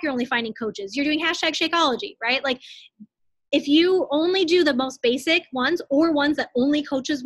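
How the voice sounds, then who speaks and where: A young woman in her twenties coaching her team in a live online training, talking fast and casually with lots of "like"s and blunt asides. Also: sits high, fairly bright tone, no echo. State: out of breath.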